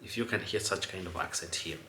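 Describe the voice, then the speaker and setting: A man talks through his point in a loose, rambling way, repeating words and asking whether you follow. His voice is lowish and bright. The room is echoey, with a faint hiss underneath. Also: fairly even intonation, brisk. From Kenya. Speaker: host. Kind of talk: casual commentary.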